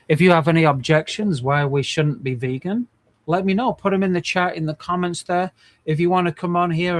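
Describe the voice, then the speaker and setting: Brief: male in his forties, earnest livestream host, slightly high voice, rambling delivery. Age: 40s. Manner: earnest, rambling, many restarts. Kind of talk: casual livestream talk.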